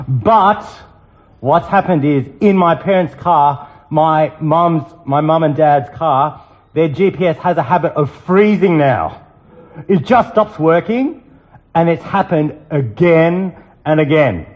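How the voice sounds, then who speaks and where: A man in his thirties delivers a sermon with lively storytelling, acting out his own panicked lines. His voice sits fairly high for a man. The sound is muffled and lo-fi. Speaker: speaker at a Bible talk. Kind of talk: sermon with personal stories.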